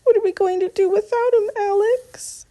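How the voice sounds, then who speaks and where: A woman's voice: steady tone, moderate pace, warm tone. A woman voicing a tearful distraught mother. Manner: tearful, high and trembling. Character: distraught crying mother, middle-aged woman. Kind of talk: audiobook character voice.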